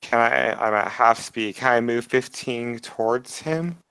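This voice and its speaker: A man playing a tabletop game, deliberately asking rules questions. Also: mid-range voice, fairly bright tone, smooth, dry recording, rough recording. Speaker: player. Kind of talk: casual tabletop game talk.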